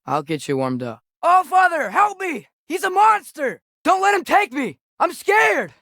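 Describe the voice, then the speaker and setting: A young actor playing an earnest, curious teenage boy in a video game, quietly talking to himself. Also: a little high, animated, moderate pace, no echo, clean studio sound. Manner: quiet, musing self-talk. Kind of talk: game voice lines.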